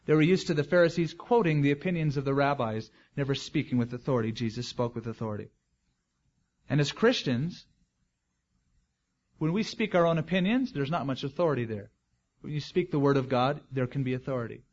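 A man's voice: medium pitch, lively intonation, fairly quick, a little mellow, highs cut off. A man as pastor, preaching a verse-by-verse expository sermon in a conversational way with joking asides.

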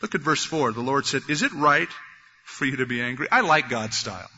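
A man preaching a sermon, animated, acting out the voices of biblical figures as he goes. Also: mid-range voice, a little fast, breathy edge. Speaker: pastor. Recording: dull lo-fi recording in a reverberant hall.

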